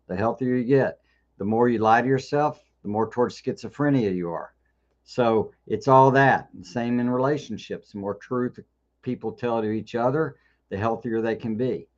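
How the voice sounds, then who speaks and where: Over lo-fi sound, a man with a medium-pitched, darkish voice hosts a live Q&A session. He chats loosely, often restarting and repeating himself.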